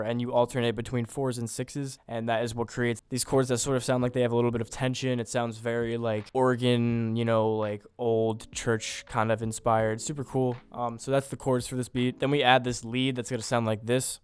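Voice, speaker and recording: A young man walks viewers through a beat-making tutorial in a loose, casual manner. His voice is smooth and clear, and his pitch stays mostly flat. He leans on easygoing fillers as he explains. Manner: laid-back, loose, with frequent fillers like "you know, like". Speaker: music producer tutorial host.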